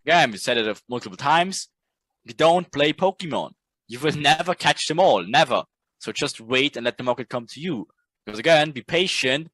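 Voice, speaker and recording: A man's voice: medium pitch, animated, normal speed, a bit bright, no echo. A man teaching a trading course in a casual lecture. He talks bluntly, swears freely, and keeps checking in with "right?".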